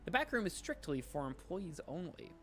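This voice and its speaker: A man voicing a nervous, superstitious female bookshop owner who pleads in a shrill, flustered way. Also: very animated, normal speed. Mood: prim, insistent.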